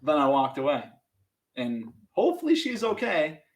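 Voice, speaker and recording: A man's voice: on the high side, normal speed. A young man from Minnesota, a podcast guest, telling a story casually and animatedly, acting out voices and saying "like" a lot. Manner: animated, acts out voices in his stories, many "like" fillers.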